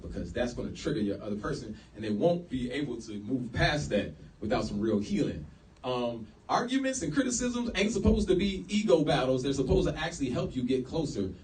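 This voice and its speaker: Animated man lecturing in an echoey room. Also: mid-range voice. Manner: animated, acts out quoted speech, slangy. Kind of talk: casual lecture to a live audience. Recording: echoey room, mic far off.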